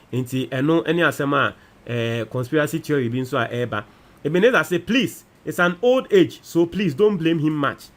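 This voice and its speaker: A man with a Ghanaian accent, hosting a casual commentary show and reading out viewer comments, animated and mixing in local phrases. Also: a little high. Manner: animated, switches between Twi and English.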